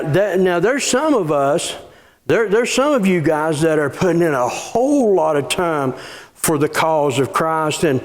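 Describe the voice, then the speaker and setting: Male pastor, slow and halting sermon delivery, high register, reads scripture between comments. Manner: halting, repeats words, reads scripture aloud. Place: church.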